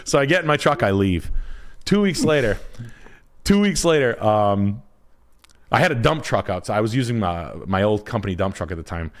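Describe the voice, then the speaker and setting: A man's voice: lowish voice, lively intonation, normal speed. A man casually telling a long rambling story, swearing often and breaking into other people's voices. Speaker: storyteller on a talk show.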